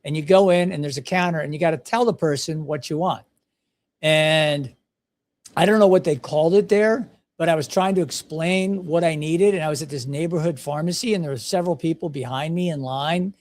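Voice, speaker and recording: Older male podcast host, slightly high voice, chatty and self-deprecating. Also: brisk, darkish tone. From United States. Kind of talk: casual storytelling.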